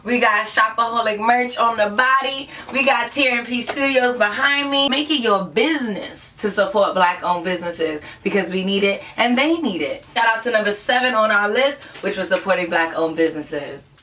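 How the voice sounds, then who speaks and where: A woman hosting an upbeat vlog countdown, talking in an enthusiastic, conversational way and giving lots of shout-outs. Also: mid-range voice, moderate pace, few pauses, distant mic, slight background noise. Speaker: host of a countdown show.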